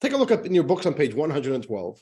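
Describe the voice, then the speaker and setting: A man, a rabbi, giving a casual lecture to a class, chatty and joking, his pitch jumping up to stress points. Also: huge pitch swings, fast talker, dark tone. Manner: chatty, jokey, pitch jumps up for emphasis.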